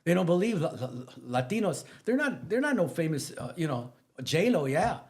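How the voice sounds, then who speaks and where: A man, a teacher guesting on a podcast, telling stories in an animated, rambling way that jumps from one topic to the next. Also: normal speed. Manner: animated, rambling, jumps between stories, emphatic pitch rises. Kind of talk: casual storytelling interview.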